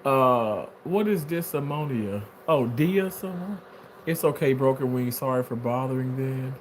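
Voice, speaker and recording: A man's voice: mid-range voice, moderate pace, slight background noise. A man talking casually on a livestream, reading viewer comments aloud and answering them in a playful way with frequent laughter. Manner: animated, playful, laughs often.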